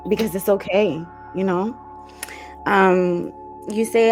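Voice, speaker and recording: A woman hosting a dream interpretation show, speaking gently and emotionally, slowly repeating comforting affirmations. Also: mid-range voice, steady tone, faint music behind. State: emotional, teary. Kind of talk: warm encouraging talk show chat.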